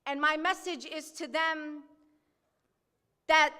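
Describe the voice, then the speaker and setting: A woman's voice: sits high, moderate pace, pushed and bright. A woman in her thirties with a Brooklyn accent, giving an impassioned political speech at a banquet. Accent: New York. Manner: bold, impassioned, outspoken. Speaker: keynote speaker at a banquet. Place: banquet hall. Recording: long hall reverb.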